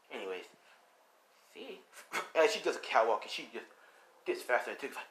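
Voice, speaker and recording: A man's voice: mid-range voice, sing-song, moderate pace, pauses often, fairly bright tone, a little hiss or hum. A young man casually improvising a story, rambling with lots of "like" and "you know".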